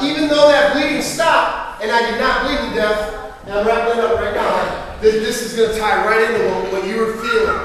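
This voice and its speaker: A high-pitched man preaching his testimony with animated, emphatic storytelling. His voice carries through a large church hall with a long, booming reverb. He sounds set well back from the microphone. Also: a little hiss or hum. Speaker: evangelist giving testimony. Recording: echoey hall, voice from far off.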